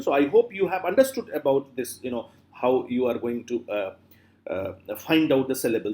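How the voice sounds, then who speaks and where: A middle-aged man giving a classroom lecture, slowly repeating words to drill their pronunciation, with many fillers. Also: fairly high pitch, darkish tone. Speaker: literature lecturer.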